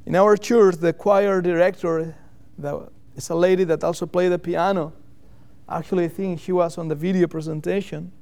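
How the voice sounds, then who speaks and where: A man preaching a sermon in an earnest, halting way, repeating phrases for emphasis. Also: sits high, fairly even intonation, darkish tone.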